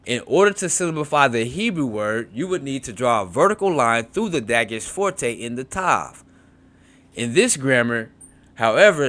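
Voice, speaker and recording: A man with a bright, forward voice teaching beginners' Hebrew grammar. He reads textbook passages aloud and then breaks words into syllables, repeating them slowly. He often stops to check in with "right?". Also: medium pitch. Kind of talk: informal grammar lesson, reading from a textbook.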